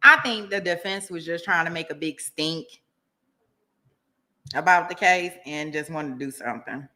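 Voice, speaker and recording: A woman hosting a casual livestream reads viewer comments aloud, laughs often, and chats with her audience in an easygoing, slangy style. Her voice is low and sharp in tone, at normal speed.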